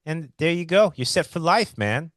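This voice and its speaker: A man co-hosting a casual comedy podcast, telling stories with animated jumps in emphasis. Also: on the high side, moderate pace, no room sound, clean studio sound. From Hawaii. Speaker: podcast co-host.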